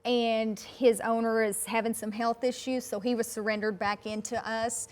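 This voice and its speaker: A woman's voice: a little high, level tone, normal speed. A woman with a Southern accent, a rescue volunteer answering interview questions plainly. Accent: Southern American. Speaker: guest, dog rescue volunteer.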